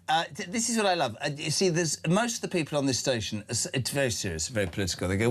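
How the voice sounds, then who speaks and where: A man hosting breakfast talk radio, his voice leaping around in pitch with plenty of life. He teases his guest and jokes between serious points, sitting a little higher than most men. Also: fast talker, few pauses. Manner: jokey, teasing, animated delivery. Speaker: radio breakfast show host. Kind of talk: lively talk radio chat.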